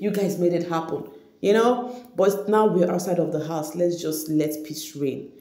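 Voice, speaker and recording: A woman gossip vlogger talking casually to her viewers about a reality show, chatty and quick to laugh. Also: fairly low pitch, fairly even intonation, warm tone. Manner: chatty, laughs often, addresses viewers directly. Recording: echoey room.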